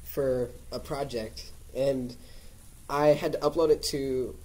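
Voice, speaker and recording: A man's voice: medium pitch, steady tone, slow, a little mellow, rough recording. A teenage boy co-hosting a casual podcast, joking and laughing easily. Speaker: podcast co-host. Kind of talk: casual chat.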